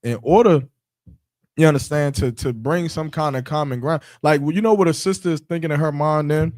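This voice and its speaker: A man with a fairly high voice talks through a casual podcast chat. He lays out his point like a sermon and slips into other people's voices to act out a story. The sound is close and dry, with no room in it. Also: fairly quick, darkish tone, dry recording. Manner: preachy, acts out quoted voices. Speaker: podcast co-host.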